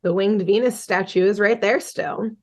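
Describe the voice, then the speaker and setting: A woman hosting a podcast, talking at an ordinary middle pitch. She retells a story in a loose, chatty way, full of fillers and casual cursing. The tone stays relaxed and conversational throughout. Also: normal speed. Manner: chatty, swearing, many fillers like "um" and "like". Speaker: podcast host. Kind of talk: casual chat, retelling a cartoon episode.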